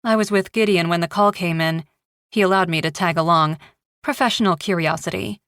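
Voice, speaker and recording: A sharp woman homicide detective, read by a woman narrator, direct and probing. She speaks fairly low with a dry, close studio sound. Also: fairly quick, dry recording.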